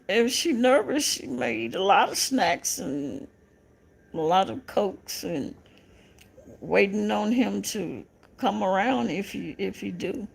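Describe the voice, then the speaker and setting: Southern woman host, creaky gravelly voice, unhurried, chatty live-chat banter with lots of laughter. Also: mid-range voice. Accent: Southern American. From American South. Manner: laughs often, teasing and chatty with viewers. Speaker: livestream host reading viewer comments.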